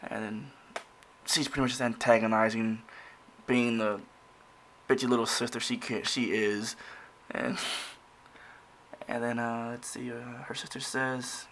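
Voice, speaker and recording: A man's voice: mid-range voice, little pitch movement, measured pace, pauses often, fairly bright tone, slight background noise. A man casually walking through pages of his own comic, rambling with many restarts and fillers. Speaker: comic creator.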